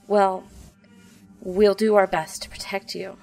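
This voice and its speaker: Female reader as a young witch, earnest and reassuring, set back from the mic over soft music. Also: medium pitch, level tone, slow, gravelly, far from the mic.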